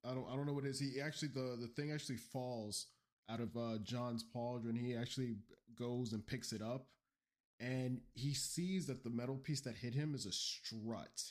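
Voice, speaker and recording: Man animatedly recapping a story. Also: mid-range voice. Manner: energetic, rambling storytelling with slang. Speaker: podcast co-host. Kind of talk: casual lore recap chat.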